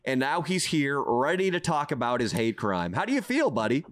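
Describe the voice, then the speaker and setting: A man's voice: mid-range voice, very animated, moderate pace, fairly bright tone. A man co-hosting a podcast, grilling a guest in a mock-serious, joking way. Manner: mock-serious, playful interrogating. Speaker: podcast co-host.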